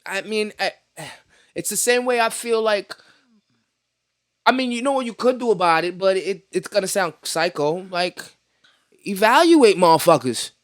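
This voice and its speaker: A man's voice: sits high, normal speed, a bit bright. A man from New York City hosting a podcast, ranting in casual chat with lots of profanity and slang. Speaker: podcast host.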